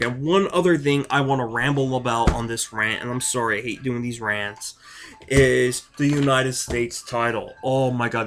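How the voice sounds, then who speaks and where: A man's voice: medium pitch, a little hiss or hum. A man delivering a heated, rambling vlog rant with emphatic, profane outbursts. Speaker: wrestling vlogger. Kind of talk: ranting vlog.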